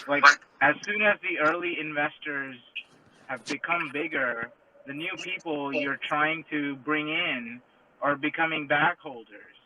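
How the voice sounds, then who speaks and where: A man in a casual debate in an online audio room, halting and lecturing, full of restarts. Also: fairly high pitch, bright, forceful tone. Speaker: crypto commentator in audio chat room. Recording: tinny phone line with faint noise.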